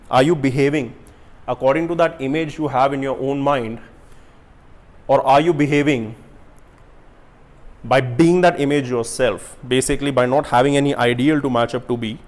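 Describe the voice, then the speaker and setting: Here a young man who makes self-help videos talks casually to camera in a medium-pitched voice, motivating viewers. He keeps asking rhetorical questions, alternating loud bursts with quiet asides.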